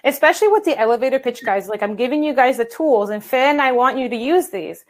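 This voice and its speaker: An energetic woman coaches her viewers in a chatty, upbeat way over a video call. Her voice sits a little high, and she keeps calling her audience "guys" while standing at her desk. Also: quick pace, rough recording. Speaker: English coach and presenter. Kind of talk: online workshop talk. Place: home office at a standing desk.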